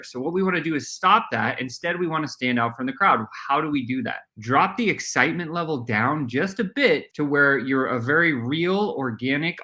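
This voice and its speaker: A man teaching sales tips on a video call, talking energetically with quick acted-out quotes and plenty of filler words. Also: mid-range voice, pushed and bright. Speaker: sales trainer. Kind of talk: talking-head sales lesson.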